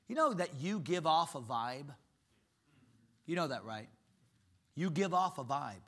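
A middle-aged man and pastor preaching a sermon in an animated, emphatic storytelling way. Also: a little high, moderate pace.

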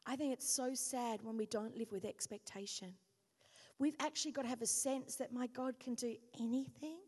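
A woman senior pastor preaching a sermon, an animated, self-mocking storyteller. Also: high voice. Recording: reverberant church hall.

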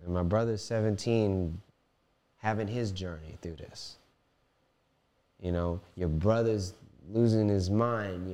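A young man telling a raw personal story, swearing freely and swinging between playful voices and heavy quiet. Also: on the low side. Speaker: guest telling his life story.

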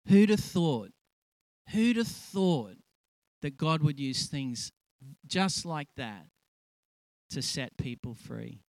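A man tells a lively story from the church stage, his voice sitting a little high. He acts out the quotes with feeling, and the sound is close and dry. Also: slow pace, long pauses, no echo, low-quality recording. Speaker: church speaker. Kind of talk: testimony sermon.

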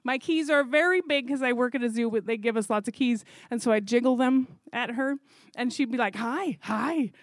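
A woman who coordinates zoo volunteers, telling a story in a chatty, animated way with fillers. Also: on the high side, a little fast, dry recording. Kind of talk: casual storytelling.

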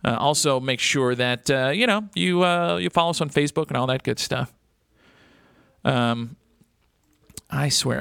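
Bright, chatty radio host. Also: male voice, medium pitch, a little slow, vocal fry, pauses often, clean tone, no room sound, clean studio sound. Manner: rambling, joking, chatty with many fillers. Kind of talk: casual radio talk. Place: radio studio.

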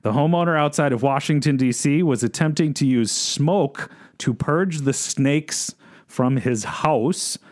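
A man's voice: on the high side, unhurried. A man co-hosting a real estate podcast, chatting casually and reading oddball news stories in a newsreader manner. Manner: reads news items in a mock radio style. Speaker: podcast co-host.

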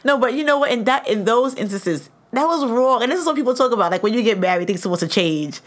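A woman co-hosting a podcast, chatting casually and chiming in with quick interjections. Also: a little high, lively intonation. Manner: quick interjections, laughs along. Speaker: podcast co-host. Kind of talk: casual chat.

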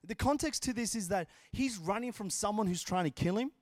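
A man's voice: sits high, lively intonation, a little fast, dry recording, clean studio sound. A man preaching a sermon as a pastor, earnest and emphatic, repeating his phrases.

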